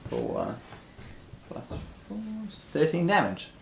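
A man's voice: on the high side, wildly swooping pitch, takes it slowly, creaky. Man counting dice over a noisy recording. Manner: counting dice rolls aloud. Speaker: player. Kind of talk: tabletop game table talk.

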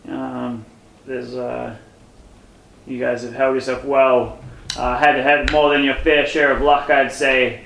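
A man doing a gruff threatening officer. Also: medium pitch, level tone, measured pace, a bit bright, recorded from a distance. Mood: stern. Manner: curt, threatening. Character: harsh gruff male officer. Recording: echoey room with faint noise.

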